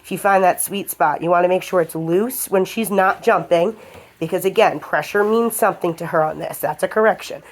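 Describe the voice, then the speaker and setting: A woman's voice: on the low side, fairly quick. A woman dog trainer explaining a lesson to viewers while she works a puppy, giving firm short commands in between. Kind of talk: hands-on training demonstration.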